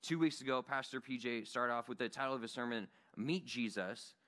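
A man delivers a sermon in an earnest, conversational way. His voice is bright and forward, at a middling pitch. He speaks in a church meeting room. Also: fairly quick. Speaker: Bible study teacher.

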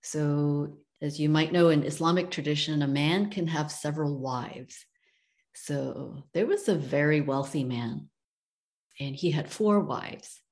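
Woman storyteller, low voice, very slow and conversational. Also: darkish tone. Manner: unhurried, conversational. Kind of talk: telling a parable.

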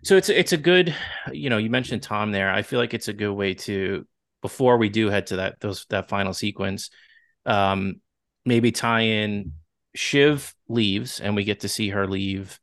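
A man's voice: fairly low pitch, measured pace, fairly bright tone, no echo, studio quality. A man with a Long Island accent co-hosting a casual podcast, chatty and leading the talk with hedging asides. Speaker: podcast co-host. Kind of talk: casual recap chat.

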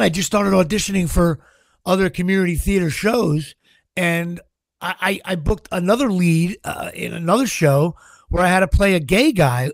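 A middle-aged man from Central New Jersey, a guest actor telling stories in an interview, animated and often stammering and repeating words. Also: sits high, gravelly, no echo. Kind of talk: anecdotal interview storytelling.

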